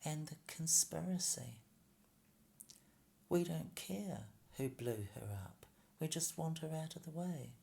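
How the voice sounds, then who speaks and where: A man's voice: fairly high pitch, slow pace, creaky, dark tone. A man delivers a rambling, sarcastic monologue full of hesitations and mock slips.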